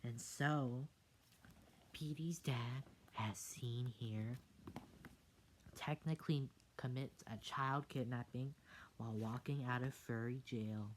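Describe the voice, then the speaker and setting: A woman reads a picture book aloud in an almost-ASMR style, slow and unhurried. Her voice sits low, and she drops into soft half-whispers for her asides. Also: steady tone, slight background noise. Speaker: book reader.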